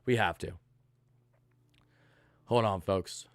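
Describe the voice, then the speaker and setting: A man's voice: on the low side, slow pace, no echo. A man hosting a live postgame stream, hyped and thanking donors one after another. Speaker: sports channel host.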